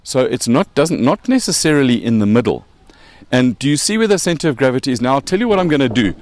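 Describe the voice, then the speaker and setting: A South African man hosts a casual chat and explains things playfully, cracking jokes as he goes. His pitch bounces around in a lively way. The sound is dry and close. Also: fast, no echo. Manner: playful, joking, explains with props. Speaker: podcast host.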